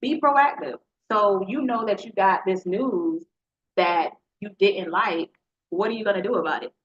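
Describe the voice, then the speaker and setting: A woman's voice: medium pitch, a bit bright. A woman hosting a motivational podcast, talking earnestly and directly to her listeners like a preacher. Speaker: podcast host. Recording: slightly dull lo-fi sound.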